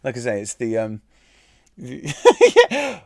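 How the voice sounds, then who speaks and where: A man's voice: on the high side, expressive, a little slow, a bit bright, dry recording, studio quality. A young man hosting a quiz live stream from home into a desk microphone, reading out the answers in a chatty, irreverent way with casual swearing, many fillers and restarts. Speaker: quiz host. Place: at home, room near a kitchen.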